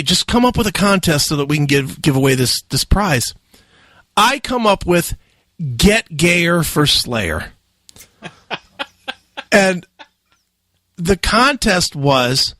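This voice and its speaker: A man hosting a radio talk show, telling a wild story loudly with lots of swearing and laughter. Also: high-pitched, no echo. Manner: loud, profane, laughing storyteller. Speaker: radio host.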